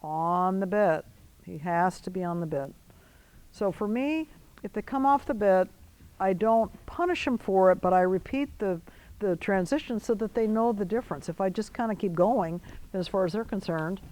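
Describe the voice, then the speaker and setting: A woman riding instructor coaching a rider in an arena, giving brisk commands mixed with encouragement. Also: mid-range voice, a little mellow, low-quality recording.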